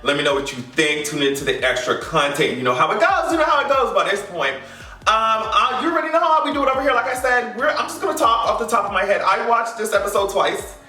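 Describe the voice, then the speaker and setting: Male vlogger, bright and playful, profane rant, off-mic with faint music behind. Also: sits high, fast talker, echoey room, far from the mic. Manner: animated, profane, sassy and playful. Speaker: vlogger reviewing a TV finale. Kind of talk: casual rant to camera.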